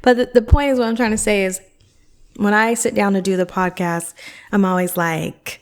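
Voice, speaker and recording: A woman's voice: medium pitch, fairly even intonation, normal speed. A woman therapist and coach hosting her own podcast, talking in a chatty, upbeat, rambling way with many fillers. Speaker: self-worth therapist and coach, podcast host. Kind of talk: casual podcast monologue.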